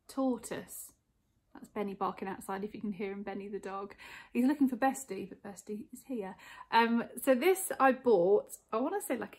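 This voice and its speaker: A woman in her forties, chatting casually to camera at home in a rambling, filler-filled way. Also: mid-range voice. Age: 40s. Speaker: vlogger. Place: home, living room.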